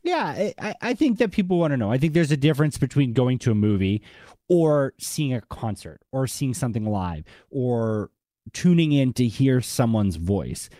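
A man's voice: mid-range voice, expressive, normal speed, mellow, no room sound, clean studio sound. A man with a Boston accent, a podcast host chatting casually and often restarting his sentences with repeated words. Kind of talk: casual chat.

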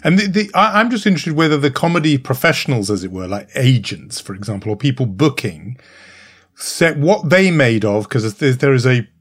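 A man's voice: mid-range voice, animated, brisk, husky. Male podcast host, long meandering questions, mid-range voice. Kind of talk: interview questions.

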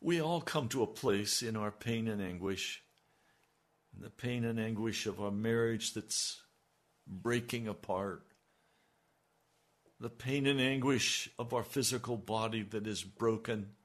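A man's voice: fairly low pitch, measured pace. A man preaching a sermon as pastor, with emphatic delivery that swells on key lines.

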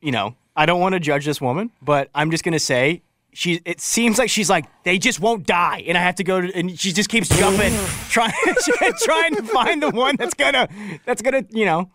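A man's voice: sits high, animated, moderate pace, fairly bright tone, no room sound, clean studio sound. A man co-hosting sports radio, wry and teasing in his banter. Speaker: radio co-host. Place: radio studio.

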